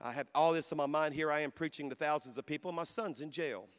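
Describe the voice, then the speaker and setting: High-voiced preacher man in a reverberant hall. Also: fast, a little hiss or hum. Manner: storytelling preacher who builds to loud, emphatic exhortation and calls to the crowd. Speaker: pastor. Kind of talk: sermon. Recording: long reverb of a large hall.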